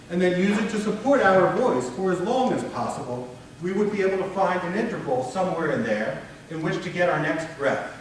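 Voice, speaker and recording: Male workshop presenter, slightly high voice, conversational and animated, heard from afar in a very echoey room. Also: distant mic, slight background noise. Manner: conversational, animated, demonstrates tones with his voice. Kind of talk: conference breakout talk. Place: conference room before an audience.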